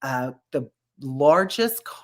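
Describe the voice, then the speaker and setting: A woman chatting casually about beauty products, animated, laughing often and restarting her sentences. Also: extremely low pitch, slow. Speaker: brand representative.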